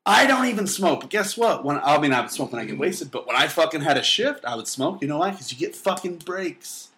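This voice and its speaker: A young man co-hosting a casual podcast, joking and swearing freely with loud outbursts. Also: a little high, sing-song, quick pace. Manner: profane, jokey, loud outbursts. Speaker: podcast co-host.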